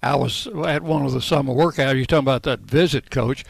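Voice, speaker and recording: A man on a radio show telling an anecdote in an animated way. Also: mid-range voice, fairly quick, gravelly, husky.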